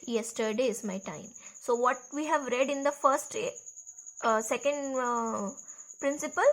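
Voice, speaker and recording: A woman teaching an English grammar lesson with an Indian English accent, repeating key phrases slowly for her students. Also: sits high, a bit bright.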